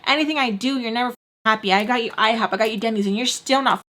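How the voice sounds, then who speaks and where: A woman doing her loud, scolding mom. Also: fairly high pitch, fast, natural voice. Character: irritable middle-aged mother in a manic mood.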